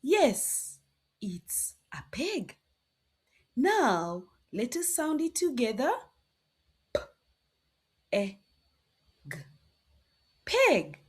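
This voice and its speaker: A woman teaching phonics to young children, cheerful and coaxing, sounding out each letter slowly. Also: sits high, very animated, husky. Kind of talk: slow, sing-song teaching to preschoolers.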